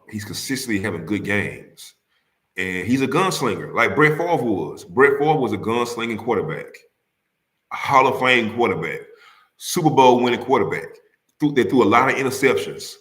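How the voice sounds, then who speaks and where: A man's voice: medium pitch, expressive, fairly quick, a bit bright. Heated man talking sports in an echoey room. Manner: heated, repetitive, rhetorical questions to the audience. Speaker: sports talk livestream host. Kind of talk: casual sports talk, arguing with fans.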